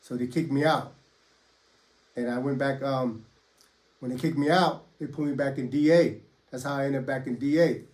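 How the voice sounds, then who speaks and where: A man's voice: mid-range voice, fairly even intonation, moderate pace, pauses often, darkish tone. A man who was once a federal prisoner tells his stories in casual first person, with profane street slang and many fillers.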